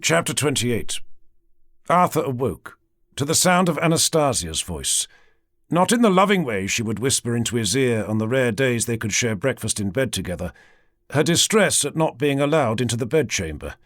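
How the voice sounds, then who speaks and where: A male audiobook narrator reads in a measured, dramatic style, his pitch rising and falling with lively range. His middle-pitched voice is recorded close in a dry studio. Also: no room sound.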